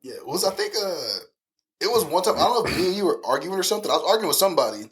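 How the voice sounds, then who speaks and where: A man's voice: high voice, sing-song, racing, a bit bright, breathy edge. Podcast cohost guy, swoopy up and down voice, rambles and laughs a lot. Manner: rambling, laughs between stories. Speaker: podcast co-host. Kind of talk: casual chat.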